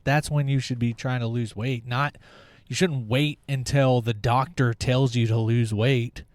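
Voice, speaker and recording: A man's voice: medium pitch, steady tone, a little slow, no echo. A young man hosting a podcast, talking in a blunt, opinionated monologue and swearing freely. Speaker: podcast host. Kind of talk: casual monologue.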